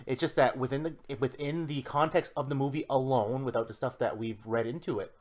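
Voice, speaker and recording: A man's voice: mid-range voice, fairly even intonation, brisk. Rambling male podcast co-host. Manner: rambling, many restarts, explains ideas eagerly. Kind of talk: casual chat.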